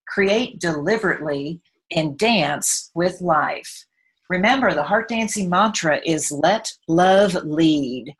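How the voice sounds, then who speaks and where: A woman from Texas with a Texan accent hosts a radio talk show. Her voice sits a little low, and she speaks gently and warmly about love and authenticity before chatting easily with her guest. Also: husky. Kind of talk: scripted intro then casual interview.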